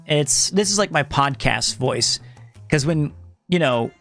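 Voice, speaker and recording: A man hosting a casual live stream, reading chat aloud in a loud, projecting, animated way. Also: a little high, unhurried, soft background music.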